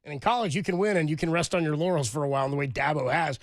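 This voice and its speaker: A man co-hosting a sports radio show, talking in a loose, joking way in a high, gravelly voice. The sound is dry and close, from a studio mic. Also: rapid-fire, dry recording. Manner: laughs often, loose and joking. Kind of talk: casual sports talk.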